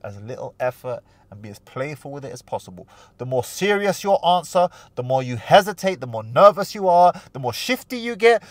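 A man's voice: medium pitch, brisk, few pauses, no echo. A man hosts a relationship advice vlog, his voice rising and falling a lot as he jokes and acts out snippets of dialogue. It is close-miked and dry, with almost no room sound. He sounds like he is in his thirties. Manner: animated, playful, slangy, acts out quoted voices. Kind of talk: casual advice vlog with storytelling.

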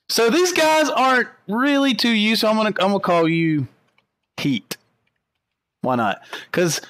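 A young man giving excited gameplay commentary, talking to the creatures on screen and to his viewers, and laughing often. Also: high-pitched. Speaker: gaming YouTuber.

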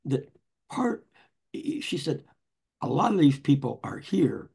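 A man's voice: on the high side, big pitch swings, a little slow, gravelly, a little mellow, slightly rough. An older man, an author, telling anecdotes in a rambling conversational way with many restarts. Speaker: author and guest. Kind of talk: conversational storytelling.

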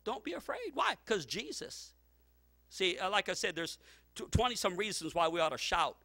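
Middle-aged male pastor, piercing bright tone, lively laughing sermon delivery. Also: high-pitched, moderate pace, creaky, dry recording. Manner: animated, laughing preaching with shouted peaks.

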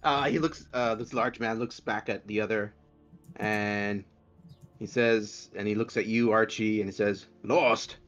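A man's voice: lowish voice, steady tone, measured pace, fairly bright tone, dull audio. A man narrating as game master in a tabletop game, chatty and hesitant, with many fillers.

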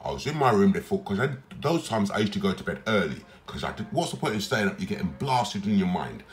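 Man, lively swooping pitch, emphatic, repetitive, personal complaint recording. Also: fast. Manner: lively, emphatic, repeats himself. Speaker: psychiatric ward patient.

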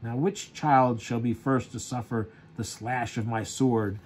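A man's voice: medium pitch, steady tone, measured pace, darkish tone, a little hiss or hum, natural voice. A man reading out the lines of a cruel, boastful young male Viking warrior from a comic, in a sneering tone. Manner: sneering, mocking, read aloud from a comic.

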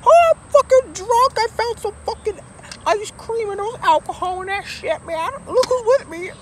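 A woman acting in her own amateur home movie, loud and excitable, swearing constantly. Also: very high voice, moderate pace. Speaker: maker and lead actor of a home movie. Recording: loud background noise.

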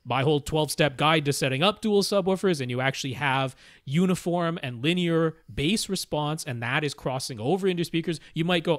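A man co-hosting a casual podcast, explaining technical points in a measured way. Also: a little high, a bit bright, no room sound, clean studio sound. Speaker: podcast co-host.

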